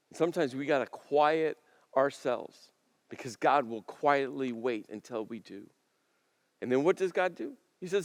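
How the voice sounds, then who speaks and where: A man preaching a sermon as pastor, talking conversationally and building to emphatic, forceful peaks. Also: a little high, animated, normal speed, clean studio sound. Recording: long reverb of a large hall.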